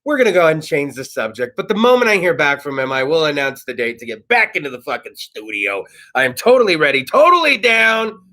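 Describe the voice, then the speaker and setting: A man's voice: on the high side, very animated, fast talker, few pauses, bright, forceful tone. A man in his thirties from California hosting a casual talk show, rambling and profane. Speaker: host. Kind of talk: casual monologue. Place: studio.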